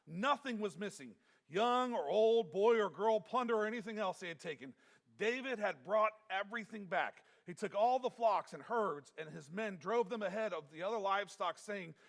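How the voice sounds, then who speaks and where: A pastor with a gravelly, fairly high and fairly bright voice preaches a sermon. He's earnest and emphatic, repeating himself and restarting sentences to drive his point home.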